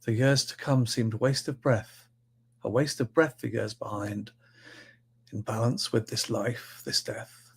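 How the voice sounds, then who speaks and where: A man reading a poem in a put-on Irish accent, voicing a young airman calmly facing his death. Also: medium pitch, creaky, breathy edge, full character voice. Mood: solemn. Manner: solemn measured verse recital. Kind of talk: poetry recital.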